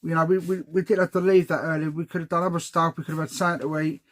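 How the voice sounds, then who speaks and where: Middle-aged male vlogger with a fairly high voice, rambling and animated, swears freely. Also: racing. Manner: rambling, animated, swears, keeps saying guys. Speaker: toy seller and vlogger. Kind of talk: casual vlog storytelling.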